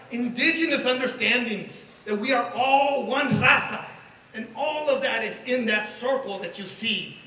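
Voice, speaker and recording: A man's voice: sits high, bright, forceful tone. Brief: male professor, impassioned ceremony speaker, echoey hall, distant mic, faint hum behind. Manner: passionate, repeats phrases for emphasis. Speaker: professor and logo designer. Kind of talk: speech at a ceremony. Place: event space at a college. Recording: echoey room from far off, faint ambience.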